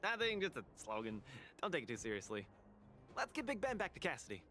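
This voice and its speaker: Showy young hero. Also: male voice, high voice, wildly swooping pitch, fast, slight background noise, exaggerated voice. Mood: cheerful. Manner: theatrical, shouts out attack names and slogans. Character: brash young male champion, upbeat and showy. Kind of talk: game character voice.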